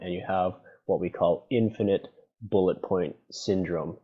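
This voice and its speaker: A man's voice: low-pitched, measured pace. A man lecturing on presentation design in a conversational, playfully sarcastic way, checking in with "right?" and "okay?" again and again. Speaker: university lecturer. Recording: dull lo-fi lecture recording.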